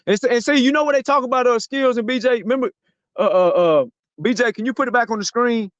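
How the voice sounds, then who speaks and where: A high-pitched man hosts a podcast in a heated, profane, mocking rant. His voice is dry and close, with a dull, lo-fi sound. He talks in bursts and repeats himself. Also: quick pace, no room sound. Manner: loud, profane, mocking, repetitive. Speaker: podcast host. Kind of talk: heated podcast sports talk.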